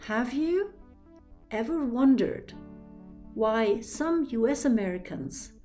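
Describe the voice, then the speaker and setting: A woman's voice: a little high, expressive, takes it slowly, warm tone, faint music behind. A woman from Germany with a German accent, explaining ideas carefully and step by step as a trainer. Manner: clear, methodical, explains with examples. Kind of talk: explanatory lecture.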